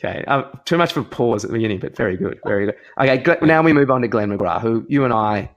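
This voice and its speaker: A man's voice: medium pitch, lively intonation, fast talker, muffled recording. Rambling man telling stories. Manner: rambling storyteller with many ums and restarts. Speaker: podcast co-host. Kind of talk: casual chat.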